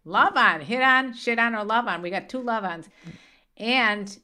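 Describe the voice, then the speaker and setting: A middle-aged woman co-hosts a podcast, ribbing her grown child with playful teasing and easy laughs. Her voice is bright and forward. She keeps things light and chatty on a studio mic. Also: fairly high pitch, unhurried. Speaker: podcast co-host, host's mother. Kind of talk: casual chat.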